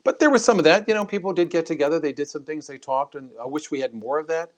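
Man telling animated political anecdotes. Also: fairly high pitch, fast. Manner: anecdotal, animated, frequent restarts. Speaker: former congressman guest. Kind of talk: interview storytelling.

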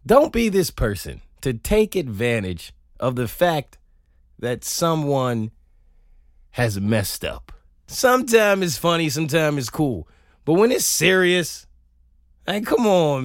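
Lively, laughing comic monologue man. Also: fairly high pitch, no echo, clean studio sound. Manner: animated, laughing, profane storytelling. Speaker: podcast host. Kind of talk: comedic solo monologue. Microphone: close studio mic.

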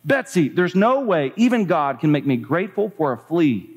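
A man's voice: on the high side, lively intonation, moderate pace, breathy edge, long reverb tail. A man voicing a frightened woman prisoner who wails and protests while reading a memoir aloud in a sermon. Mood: exasperated. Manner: wailing, protesting.

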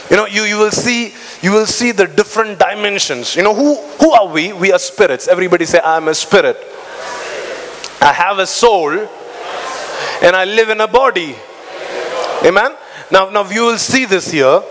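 Fervent high-voiced preacher in a reverberant hall. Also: male voice, normal speed, a bit bright. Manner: fervent preaching, stretching words and calling out to the congregation; repeats words and restarts often. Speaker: pastor. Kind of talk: sermon.

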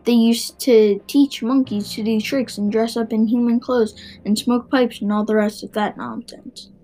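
A woman reading a children's book aloud, expressive, with small stumbles and restarts. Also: a little high, moderate pace, faint music behind, rough recording. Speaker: narrator.

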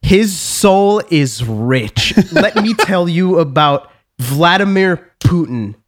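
A man putting on a slow, insistent old French-Canadian man. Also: fairly high pitch, lively intonation.

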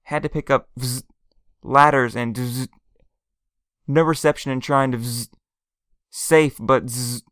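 A man's voice: medium pitch, fairly even intonation, fairly bright tone, clean tone, dry recording, studio quality. A man voicing an uncle who calls in a hurry, his speech cut up by static, as he reads a story aloud. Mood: hurried. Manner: hurried, broken-up speech. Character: uncle calling from far away on a bad phone line.

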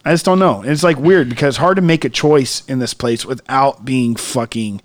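A man's voice: medium pitch, brisk. A young man co-hosting a podcast in casual chat, rambling with lots of fillers and swearing. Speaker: podcast co-host.

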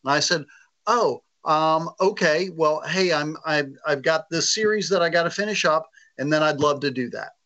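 Man, bit high, bright tone, animated storyteller, lo-fi audio. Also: normal speed. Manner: animated, acts out quoted dialogue. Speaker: author guest. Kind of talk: casual interview storytelling. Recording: lo-fi muffled audio.

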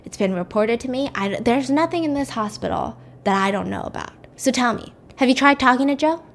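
A stern older hospital director, played by a woman storyteller, questioning a junior doctor with blunt, cold authority. Her voice runs somewhat high. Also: lively intonation, brisk.

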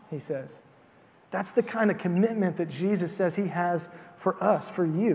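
A man's voice: high voice, a little mellow, in a large hall. A man preaching a sermon in a conversational way, with fillers and repeated starts.

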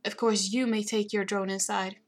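A woman's voice: mid-range voice, little pitch movement, moderate pace, natural voice. A flustered, groveling male clerk, voiced by a woman reading aloud, stammering and raising his voice in alarm. The melody stays narrow. A storybook side character. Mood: panicked. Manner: loud, stammering apology.

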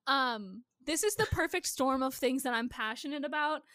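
A woman's voice: high voice, moderate pace, sharp tone, no room sound, studio quality. A woman with a Midwestern accent, co-hosting a casual chat show and ranting passionately with plenty of swearing. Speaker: podcast co-host.

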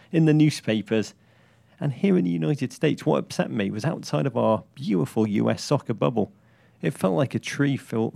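A man co-hosting a casual sports chat, with a wry, deadpan delivery. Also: mid-range voice, creaky, dry recording. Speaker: podcast co-host.

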